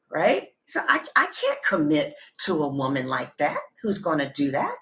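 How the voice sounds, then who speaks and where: A woman talks casually to her viewers as a tarot reader. Her voice is bright and sits a bit low. She retells what other people said with lively, animated storytelling. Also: moderate pace, few pauses.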